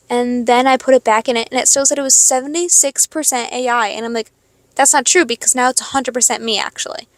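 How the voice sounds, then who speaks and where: A high school senior girl in her late teens, rambling casually in a stream-of-consciousness monologue, swearing freely and second-guessing herself. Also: dry recording. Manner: rambling, swearing, self-questioning. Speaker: podcast host.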